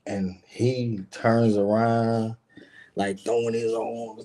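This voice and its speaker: A man's voice: on the low side, steady tone, takes it slowly, a little mellow. A middle-aged man, a guest on a live stream, telling a personal story in a casual, emphatic and profane way, often turning to speak straight to his listeners.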